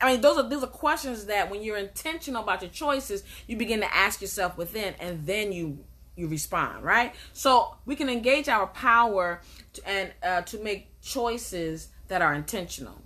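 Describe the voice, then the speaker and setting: A woman's voice: mid-range voice, animated, normal speed, sharp tone. A woman life coach giving a motivational talk, emphatic and repetitive, asking rhetorical questions and answering them.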